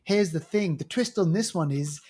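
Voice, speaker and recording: A man's voice: sits high, moderate pace, darkish tone, breathy edge. A man with a London accent co-hosting a film podcast, chatting casually and rambling with lots of fillers and restarts. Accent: London English. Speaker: podcast co-host.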